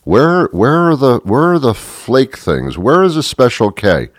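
A man's voice: mid-range voice, wildly swooping pitch, measured pace, no room sound, studio quality. A man doing a fussy woman talking to herself. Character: fussy woman muttering aloud in a supermarket.

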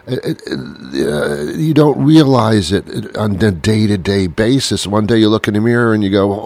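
A man's voice: lowish voice, expressive, moderate pace, gravelly, hardly any pauses, darkish tone, dry recording. A man hosting a comedy show, rambling through a playful, self-mocking monologue full of restarts.

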